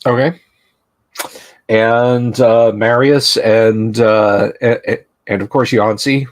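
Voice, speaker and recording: A man narrating a tabletop game as game master, describing scenes deliberately with some restarts. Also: medium pitch, steady tone, no room sound.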